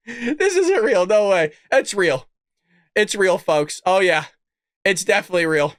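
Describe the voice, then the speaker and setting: A man hosting a political commentary livestream, mocking and excitable, often laughing and cursing in disbelief. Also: sits high, measured pace, no room sound, clean studio sound. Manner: mocking, excitable, repeats lines. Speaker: show host.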